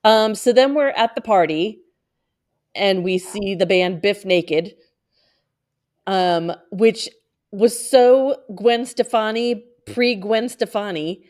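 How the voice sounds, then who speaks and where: A woman's voice: medium pitch, slow, a little mellow. A woman co-hosting a podcast, recapping an episode in casual chat, laughing often and full of fillers. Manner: giggly, lots of fillers. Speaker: podcast co-host. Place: home, on a video call.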